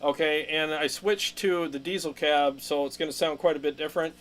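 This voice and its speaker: A man's voice: on the high side, fairly even intonation, a little fast, fairly bright tone. A man hosting a live amp Q&A stream, talking casually and enthusiastically with many fillers and restarts. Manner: reads viewer comments aloud and laughs along.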